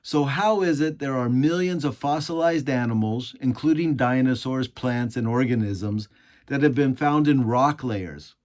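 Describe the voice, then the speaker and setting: A man's voice: medium pitch, unhurried, a little mellow. Indignant American man reading commentary. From United States. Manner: sarcastic, indignant, rhetorical questions. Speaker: commentary host. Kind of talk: scripted political commentary.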